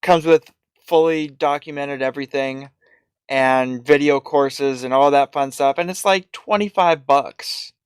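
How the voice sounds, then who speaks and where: A man's voice: medium pitch, a little slow, clean tone, dry recording, clean studio sound. A man co-hosting a casual tech podcast, talking hesitantly with frequent restarts. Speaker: podcast co-host.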